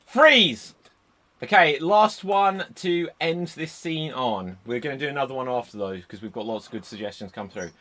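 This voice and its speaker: A man hosting a live improv comedy show over a video call, shouting freeze and calling out each new scene style. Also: medium pitch, normal speed. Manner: shouts "Freeze!" then gives loud, lively instructions. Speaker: improv host. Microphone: computer mic on a video call.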